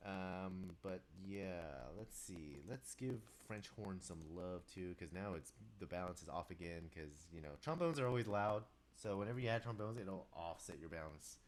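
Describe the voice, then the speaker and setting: Man, very low congested voice, stuffy nose, rambling live-stream chat, faint background hiss. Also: normal speed. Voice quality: deepened, congested voice. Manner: rambling, distracted, chatty with viewers. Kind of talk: casual live-stream chat while working.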